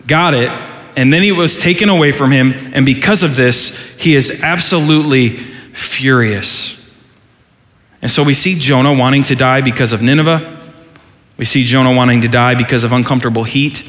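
A man preaching a sermon, animated, rising into mock outrage in his asides. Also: medium pitch, normal speed. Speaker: pastor. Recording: long hall reverb.

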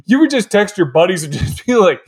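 A man's voice: high voice, sing-song, brisk, breathy edge. A man co-hosting a podcast, riffing with laughs and jokey impressions. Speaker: podcast co-host. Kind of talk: casual movie recap podcast.

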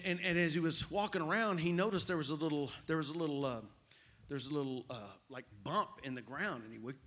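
A male pastor preaches with energy and keeps checking in with his listeners. His voice sits a bit higher than most men's. He repeats his main points for emphasis. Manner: animated, repetitive preaching with call-outs to the crowd. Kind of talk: sermon.

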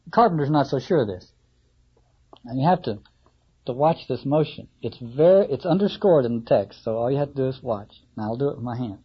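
A man gives a reflective lecture in a husky, breathy voice. He muses aloud with halting restarts and rhetorical questions. The recording is slightly muffled and lo-fi. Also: mid-range voice, lively intonation.

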